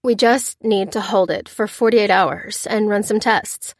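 A woman's voice: medium pitch, unhurried, dry recording, clean studio sound. A woman voicing a polite, somewhat hesitant female botanist and officer. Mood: earnest.

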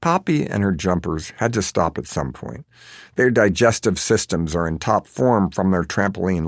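A man's voice: low voice, dry recording, clean studio sound. A man narrating an audiobook in a wry, sardonic manner.

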